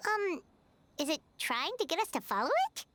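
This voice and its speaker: Tiny female fairy, high squeaky voice, excitable, lively swoops, faint game music. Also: normal speed, background noise. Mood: curious. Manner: bubbly and excitable. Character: Paimon, tiny chirpy female fairy companion. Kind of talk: game voice acting.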